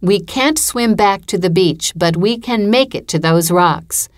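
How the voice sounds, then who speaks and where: A woman reading the lines of a calm, steady mother who gives firm instructions in a story. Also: medium pitch, measured pace, dry recording, studio quality, close to an everyday voice.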